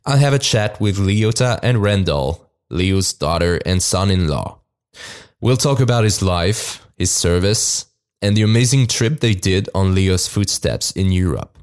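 A man with a French accent, hosting a podcast and reading a scripted story in a measured way. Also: low voice. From France. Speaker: podcast host and author.

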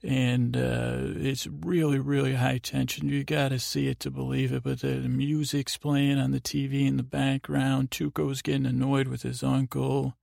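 A man with a heavily gravelly, fry-laden voice talks through a recap for a sleep podcast. His pitch barely moves, and he wanders along with many filler sounds and restarts. The sound is dry and close, with no room echo. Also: little pitch movement, a little mellow. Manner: meandering and unhurried, full of filler sounds and restarts. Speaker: podcast host.

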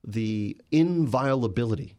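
A man's voice: medium pitch, lively intonation, measured pace, a little mellow. A man, a journalist and author, answering interview questions with emphatic, storytelling narration.

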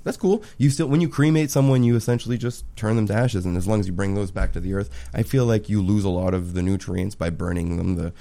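A man's voice: on the low side, quick pace, gravelly, few pauses. A man in his twenties in casual chat, telling stories with lots of swearing and jokes. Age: 20s. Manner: animated, swearing, joking storyteller.

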